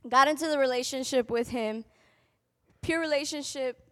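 A young adult woman giving a spoken testimony at a convocation, telling her story with animated delivery and acting out what people said. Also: sits high, normal speed. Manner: animated storytelling, acting out quotes in shifting voices. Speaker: convocation speaker. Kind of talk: testimony talk to an audience.

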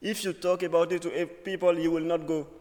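A young student speaker gives a personal story speech in a reverberant auditorium, his fairly high voice brisk, flat in delivery and a little mellow. He tells his story earnestly and humorously, in short phrases.

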